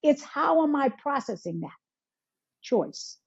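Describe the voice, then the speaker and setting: A woman's voice: high voice, sing-song, slow pace. A woman from Michigan, a healer and coach, speaking in an interview and acting out inner self-talk in quoted voices. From Michigan, United States. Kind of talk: conversational interview. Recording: dull lo-fi sound.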